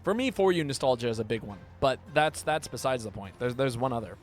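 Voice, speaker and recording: A man live-streaming a game, talking casually and playfully, often stumbling and repeating words when excited. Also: medium pitch, quick pace, soft background music.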